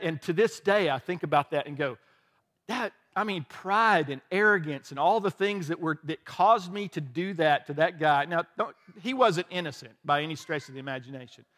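A man's voice: on the high side, fairly bright tone. Candid man preaching a casual sermon. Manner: candid, self-deprecating, conversational with frequent restarts. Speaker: pastor.

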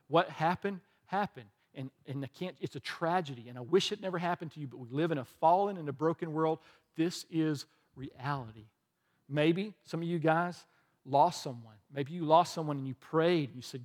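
A man's voice: on the high side, brisk. Preaching man in a reverberant hall. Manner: storytelling, shifts from animated to quiet and earnest. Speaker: pastor. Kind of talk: sermon.

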